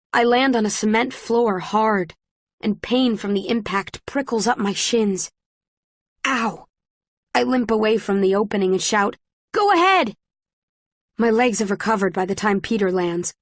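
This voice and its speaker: A woman with a medium-pitched voice narrates an audiobook in a dry, close recording with no room sound. She tells a scripted first-person story in the present tense, at a measured pace.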